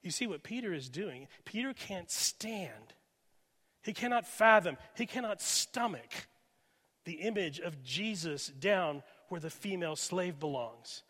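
Guy preaching a sermon, goes loud then hushed, fairly high voice, long echo in a big hall. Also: lively intonation, measured pace. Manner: dynamic preaching, swinging from loud emphasis to hushed near-whispers. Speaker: pastor. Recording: reverberant hall.

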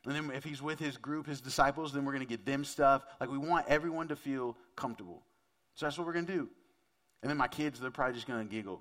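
A pastor with a mid-range, fairly bright voice talks fast while preaching a casual, conversational sermon, frequently putting questions to his listeners.

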